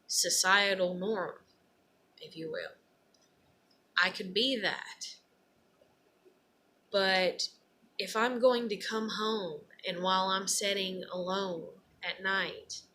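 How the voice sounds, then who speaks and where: Woman, earnest unscripted personal talk, slow delivery, faint background noise. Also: mid-range voice. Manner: earnest, rambling, turns loud and emotional when acting out despair. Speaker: speaker giving a personal talk.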